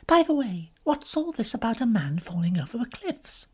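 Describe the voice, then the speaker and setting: A woman's voice: a little high, big pitch swings, normal speed, husky, pitched above the performer's own voice, heavily acted. A woman voicing a bored, drawling young upper-class woman in an audiobook. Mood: languid. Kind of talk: audiobook character reading.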